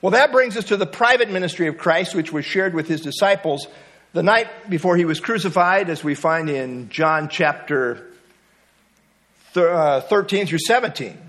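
High-voiced man preaching a Bible study. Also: animated, moderate pace, a bit bright. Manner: earnest teaching with rising emphasis and fillers. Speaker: pastor.

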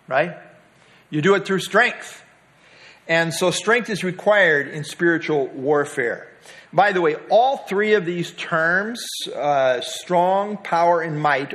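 Man, Bible study teacher, higher-than-average voice, casual delivery with filler words, stresses key words. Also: fairly bright tone. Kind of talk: Bible teaching to a small group.

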